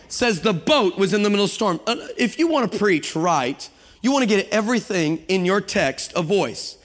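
A man preaching a sermon to a congregation, lively and humorous, building up to shouting passages. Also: high-pitched, moderate pace. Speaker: guest preacher. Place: church sanctuary with congregation. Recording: long hall reverb.

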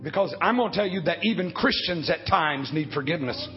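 A man in his fifties preaching a sermon, swinging from low, quiet talk to loud shouting. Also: lively intonation, fairly quick. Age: 50s. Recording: dull lo-fi recording with faint music.

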